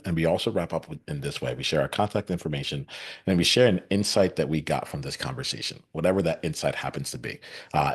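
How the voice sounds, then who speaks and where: A man hosting a podcast panel, talking in a reflective, halting way with lots of restarts and fillers, from the United States, on a video call. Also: rumbling low, breathy edge. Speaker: podcast host. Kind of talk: casual podcast panel wrap-up.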